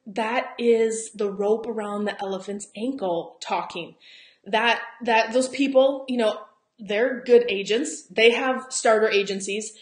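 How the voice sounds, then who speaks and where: Chatty Southern woman coaching, echoey room. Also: a little high. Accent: Southern American. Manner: chatty and encouraging, often laughing and acting out quotes. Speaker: travel business coach. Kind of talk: live-streamed coaching talk. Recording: roomy echo.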